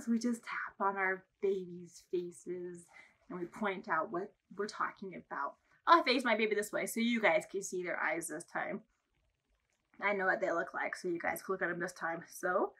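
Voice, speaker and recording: A young woman librarian reading a picture book aloud and leading baby rhymes, in a slow sing-song voice, counting along for babies. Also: medium pitch, fairly bright tone, slightly rough. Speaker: children's librarian. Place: library storytime filmed for online video.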